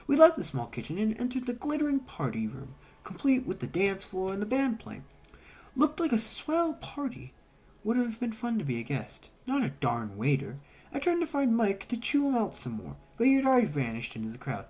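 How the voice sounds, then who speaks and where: A woman reading a novel aloud as a narrator, telling the story with lively shifts and voiced dialogue. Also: mid-range voice, moderate pace. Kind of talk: audiobook-style reading.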